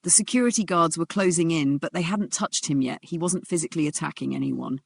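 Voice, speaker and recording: A narrator reading a dramatic story in a steady storytelling voice. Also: medium pitch, fairly quick, vocal fry, husky, no room sound.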